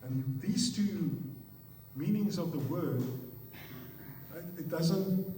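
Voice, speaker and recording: A man with an Afrikaans accent preaches slowly in a mellow voice, pressing words in sets of three and putting questions to his listeners. He sounds some way off from the mic, his voice ringing through a large echoing hall with a long reverb and faint background noise. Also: on the high side, expressive. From South Africa. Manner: emphatic, repeats words in threes, asks the audience questions. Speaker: pastor. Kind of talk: sermon. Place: church hall. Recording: echoey hall, picked up from far off.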